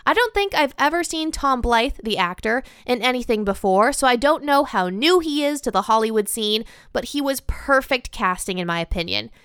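A woman's voice: a little high, lively intonation, normal speed, hardly any pauses, fairly bright tone, smooth, dry recording, clean studio sound. A woman hosting a podcast, giving a candid, opinionated film review with light laughs. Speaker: podcast host.

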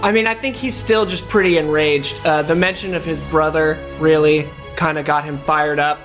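A man's voice: on the high side, fairly even intonation, moderate pace, a bit bright. Casual rambling male player, faint music. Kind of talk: describing a character's moves in a tabletop game.

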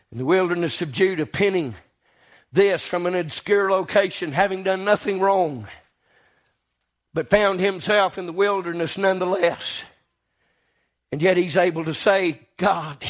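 In this clip a man preaches with great fervor, rising from quiet murmurs to shouted climaxes, repeating lines and punctuating them with amen.

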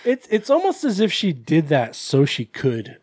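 A man co-hosting a podcast, his pitch sitting a little high and swinging wildly up and down. He laughs and jokes often, and the sound is dry and close. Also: normal speed, no room sound. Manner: animated, laughing, joking. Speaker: podcast co-host. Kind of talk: casual chat about horror movies. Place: same room as co-host, dry recording.

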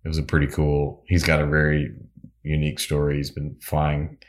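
A man's voice: extremely low pitch, completely flat delivery, normal speed. A man, a musician and pilot, telling casual anecdotes in an interview with lots of fillers and restarts. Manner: rambling, filler-heavy anecdotes.

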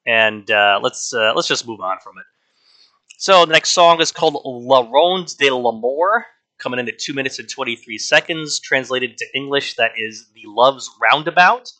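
A man's voice: medium pitch, animated, normal speed, sharp tone. A man talking casually through an album review, frank and wry. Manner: conversational, frank, wry asides.

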